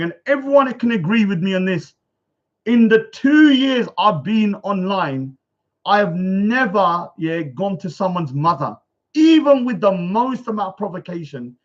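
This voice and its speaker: This man's voice sits high, and the audio has a lo-fi quality. Ranting casually on his livestream, he reads out comments one by one and fires back at each with indignation.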